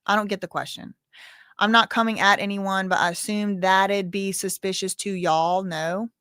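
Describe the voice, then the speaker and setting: A woman's voice: medium pitch, moderate pace, a bit bright, no room sound, studio quality. A woman hosting a livestream, answering chat questions in a sassy, blunt, casual way. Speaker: livestream host.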